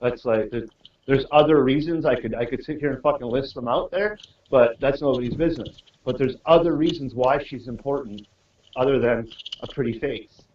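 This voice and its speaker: A man's voice: mid-range voice, normal speed, a little mellow, a little hiss or hum. A man chatting casually on a live stream, swearing, laughing and restarting his sentences. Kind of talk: casual live chat while walking. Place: out walking, then a convenience store. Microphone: phone in a pocket. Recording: muffled, roomy, distant phone mic.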